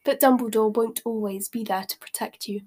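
A haughty aristocratic mother speaks with icy, quiet menace, as a woman reads her lines. Every word is cold and contemptuous. A storybook villainess. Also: fairly high pitch, fairly even intonation, normal speed, breathy edge. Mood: menacing.

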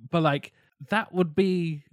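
A man's voice: fairly high pitch, slow pace, dry recording, studio quality. A man co-hosting a casual film chat, blunt and sweary as he rants about what he dislikes.

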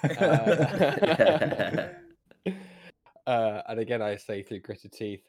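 A man playing a tabletop game, talking in a casual, animated way with frequent laughter. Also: mid-range voice, extremely slow, pauses often. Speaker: player.

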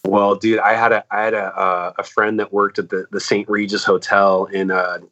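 A musician talking in a casual, rambling way, swearing a lot and saying "like" and "dude" all the time. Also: male voice, fairly low pitch, little pitch movement, normal speed, pushed and bright, lo-fi sound. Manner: rambling and profane, full of "like" and "dude". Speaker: musician in a band. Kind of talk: casual chat.

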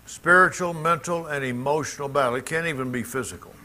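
A man's voice: on the high side, a little fast, bright, forceful tone. A middle-aged man from Mississippi with a Southern accent, preaching a sermon to a congregation in an emphatic, folksy way with asides to the crowd. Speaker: pastor. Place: church congregation.

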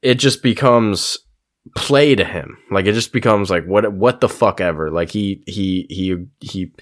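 A man co-hosting a casual film discussion, animated and swearing often, with many fillers. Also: on the low side, measured pace. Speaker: podcast co-host.

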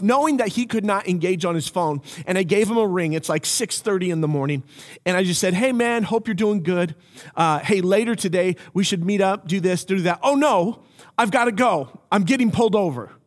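High-voiced man preaching a story-led sermon. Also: big-room sound. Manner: storytelling, acts out phone calls in raised voices. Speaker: pastor.

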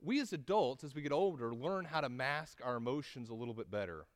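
A man preaching a sermon, telling the story with rising intensity at dramatic moments and slowing to stress key words, often asking his listeners "right?". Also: mid-range voice, expressive, in a large hall. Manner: conversational with tag questions and restarts. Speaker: pastor.

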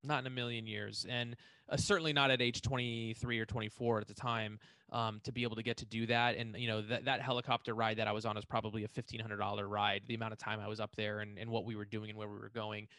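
A man co-hosting a podcast, reminiscing about past work in a quick, enthusiastic conversational way. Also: on the low side, little pitch movement, pushed and bright, no room sound. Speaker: podcast co-host. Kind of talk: casual conversation.

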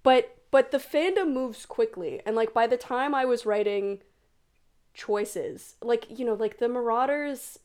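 A woman's voice: a little high, measured pace, a little mellow, clear, resonant tone. A woman guest on a podcast, chatting and laughing at herself in a casual way. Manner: laughing, self-mocking, chatty. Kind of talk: casual chat.

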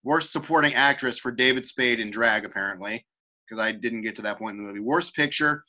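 A young man with a bright, forceful voice talks in a loose, rambling way. He stops and restarts often as he chats with a co-host. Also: medium pitch, brisk. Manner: rambling, self-interrupting, frequent restarts. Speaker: podcast co-host. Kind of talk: casual chat.

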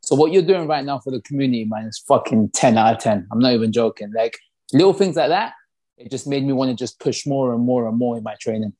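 A man's voice: mid-range voice, quick pace, mellow. A man co-hosting a podcast who thanks his guest in an earnest, gushing way, swearing casually. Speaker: podcast co-host. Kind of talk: casual chat.

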